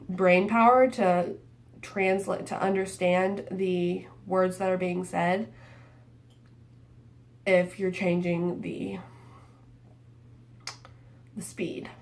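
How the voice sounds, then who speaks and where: A young adult woman, an early childhood educator, calmly explaining how to read aloud to toddlers. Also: fairly low pitch. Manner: calm, explaining, casual fillers. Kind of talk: read-aloud teaching demonstration.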